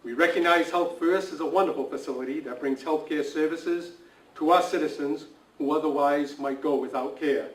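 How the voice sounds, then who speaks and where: Civic club member delivering a formal dedication address; reverberant, far-off recording. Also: male voice, a little high, moderate pace. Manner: formal, reading out a prepared address. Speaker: civic club representative presenting flags. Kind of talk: formal prepared speech. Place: indoor building dedication event. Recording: echoey, distant recording with faint ambience.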